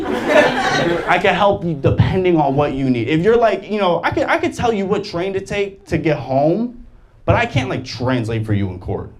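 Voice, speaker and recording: A young man working a stand-up set, his pitch sitting high and swinging widely as he jumps into loud, exaggerated voices for the people he quotes. He laughs through his own lines. A live stage mic catches him, with clearly audible audience noise underneath. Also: very animated, normal speed. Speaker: stand-up comedian.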